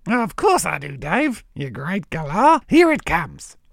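A man's voice: high voice, wildly swooping pitch, a little slow, vocal fry, no echo, clean studio sound, pitched above the performer's own voice, heavily acted. A man voicing a brash, jokey male crow with a put-on Australian accent in a children's podcast. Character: bright orange male crow with Australian bluster. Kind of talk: children's podcast puppet comedy.

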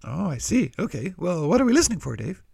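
An eager little sidekick, as a man puts him on, chirps his replies in a high voice that leaps up and down. The sound is gravelly and husky. Dry, close recording. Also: very animated, quick pace, a little mellow, dry recording, heavily acted. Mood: cheery. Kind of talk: children's Bible lesson.

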